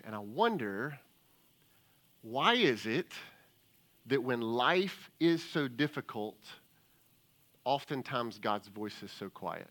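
A man's voice: medium pitch, sing-song, slow, long pauses, fairly bright tone. A man preaching a sermon as lead pastor, building emphasis through repeated rhetorical questions and joking with the congregation. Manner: jokes with the congregation. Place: church service before a congregation.

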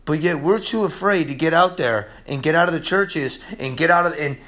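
A man preaching a sermon in a casual, slangy way, swinging from loud emphasis to hushed asides. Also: fairly high pitch, animated, normal speed.

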